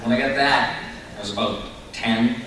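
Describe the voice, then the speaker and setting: A man on a convention panel, telling animated stories and slipping into silly voices, recorded from far off in an echoey hall. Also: mid-range voice, normal speed. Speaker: voice actor panelist. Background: audience crowd.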